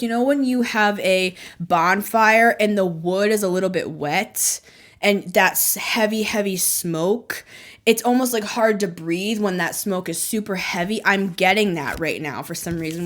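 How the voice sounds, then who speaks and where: Chatty tarot reader, a woman of middle pitch, rambling and casual, lots of "like". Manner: chatty, rambling, heavy use of "like", laughs often. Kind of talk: casual intuitive tarot reading.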